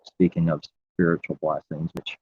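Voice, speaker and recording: A man's voice: rumbling low, flat delivery, normal speed, warm tone, muffled recording, a little hiss or hum. A man preaching in an impassioned, rambling religious monologue, repeating his phrases.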